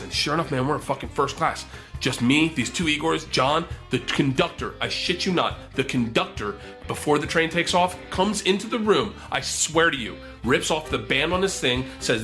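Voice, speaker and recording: Bright-voiced man telling a wild story. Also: mid-range voice, moderate pace, soft background music. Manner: animated, profane, laughs through the telling. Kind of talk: comedic anecdote told in casual chat.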